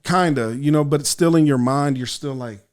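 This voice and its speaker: A man's voice: a little high, fairly quick. A middle-aged man from El Salvador, a podcast guest, telling a long story in casual chat, full of swearing, and acting out his own thoughts as he goes. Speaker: podcast guest, actor and writer.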